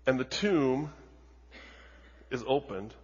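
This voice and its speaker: A man preaching a sermon as a pastor, telling the story dramatically with lots of repetition and moving between hushed and loud delivery. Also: mid-range voice, animated, slow, husky. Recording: dull audio with long hall reverb.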